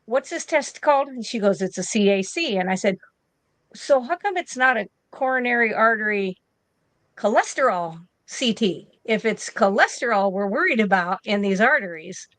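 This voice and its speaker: Woman in her fifties, casual storyteller, plays out both voices of a conversation, mid-pitched, dry close sound. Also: dry recording. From United States. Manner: animated, acts out both sides of conversations. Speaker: interview guest, nurse.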